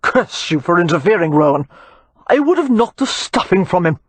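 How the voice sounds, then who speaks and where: A woman reads as a drunken, belligerent aristocrat in an audiobook, growling and loud with anger. The voice carries a husky rasp. The recording is close and dry. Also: fairly low pitch, very animated, normal speed, dry recording. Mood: angry. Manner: growling and angry.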